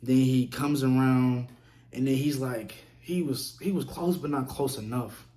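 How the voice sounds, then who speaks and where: A man casually telling a story on his vlog, profane and animated, acting out what others said. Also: medium pitch, unhurried. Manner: profane, animated, acts out quotes. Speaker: vlogger.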